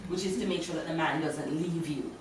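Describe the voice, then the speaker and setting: A woman's voice: deep voice, a little fast. A woman from Jamaica with a Jamaican accent, reading her poetry to an audience in a lecture hall and chuckling between lines. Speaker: poet. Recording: very echoey hall, voice from far off, faint room noise.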